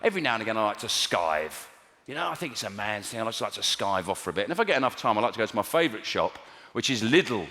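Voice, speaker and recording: A lowish, sing-song male voice from England talks fast over background noise. He's a stand-up comedian on a large theatre stage before a live audience, wry and exasperated with bursts of mock outrage. Picked up by a stage mic, the recording is echoey, with loud audience laughter filling the hall.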